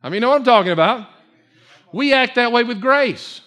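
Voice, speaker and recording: A male pastor preaching a fervent sermon to his congregation in church, repeating phrases and building to near-shouts. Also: very high-pitched, lively intonation, fairly quick.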